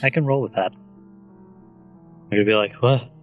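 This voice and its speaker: A man's voice: on the low side, moderate pace, phone-quality sound, soft background music. A man playing a tabletop game in a jokey, playful way. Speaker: player. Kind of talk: casual tabletop play.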